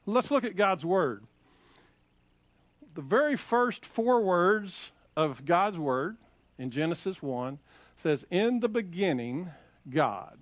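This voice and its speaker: A middle-aged man preaching a sermon, animated and repeating phrases as he quotes scripture. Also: sits high, no room sound. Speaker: pastor.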